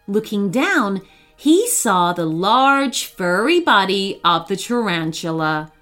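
A woman's voice: medium pitch, big pitch swings, slow pace, fairly bright tone, soft background music. A woman reading a children's story aloud, telling it expressively.

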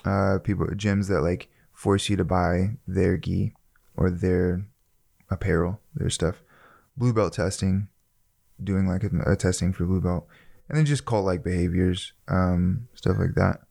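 A man co-hosting a casual podcast, relaxed and joking, with frequent laughter. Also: deep voice, unhurried, creaky. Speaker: podcast co-host.

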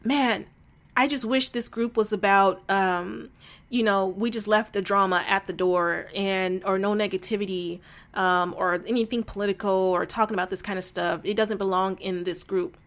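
A woman's voice: medium pitch, fairly even intonation, normal speed, a bit bright. Woman, vlogger, casual monologue, emphatic, exasperated, filler-heavy.

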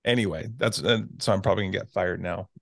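A man who teaches, hosting a casual radio chat, halting and repeating words as he talks. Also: low voice, gravelly, dry recording, studio quality.

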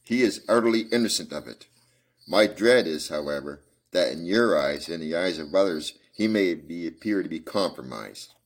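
Storybook mother, anxious and pleading, read by a man; low voice nudged upward. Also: animated, normal speed. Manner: pleading, agitated. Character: Mrs. Carpentier, distressed older mother.

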